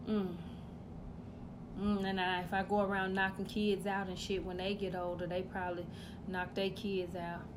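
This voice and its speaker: A woman delivering a profane comedic rant, loud and blunt, swinging between shouting and muttering asides. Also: mid-range voice, a little hiss or hum.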